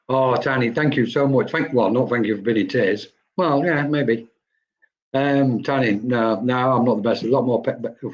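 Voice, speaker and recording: A man's voice: mid-range voice, a little mellow, dull audio. A man working as a psychic medium, giving live-stream readings in a chatty way and often checking in with "okay?". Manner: chatty, tags lines with "okay?".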